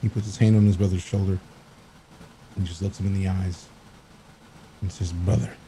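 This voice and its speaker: A man playing a tabletop game, quickly narrating his character's actions. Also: sits low, little pitch movement, dark tone, slight background noise, rough recording. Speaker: player.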